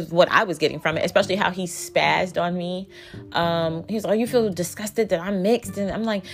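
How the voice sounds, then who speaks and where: A woman in her thirties telling a dating story in a casual vlog, blunt and profane, with a sarcastic edge. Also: mid-range voice. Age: 30s. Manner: blunt, profane, sarcastic, talks back and forth. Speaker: vlogger.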